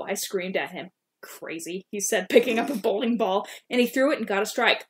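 A woman's voice: mid-range voice, lively intonation, normal speed. A woman co-hosting a podcast, casually reading her old fan fiction aloud and stopping to comment on her own writing. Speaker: podcast co-host.

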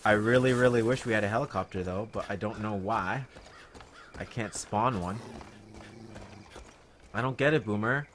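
A man giving casual, jokey commentary while playing a video game, talking to himself and the in-game dog with sudden excited outbursts. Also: lowish voice, moderate pace, long pauses, a little hiss or hum. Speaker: gaming video host.

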